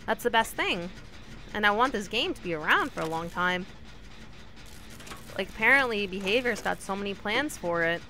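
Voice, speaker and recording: A woman streamer giving casual commentary while she plays, chatty and talking to her teammates and the killer, with sudden excited yelps. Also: medium pitch, normal speed, long pauses, slight background noise. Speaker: gaming streamer.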